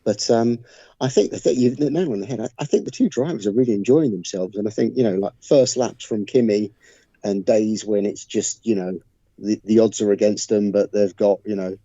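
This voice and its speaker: A man with a low voice talks through his thoughts in a relaxed podcast chat, pausing often on fillers. The sound is dry and a little dull, like a home remote recording. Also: dry recording. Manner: thoughtful, hesitant with many fillers. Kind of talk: casual chat.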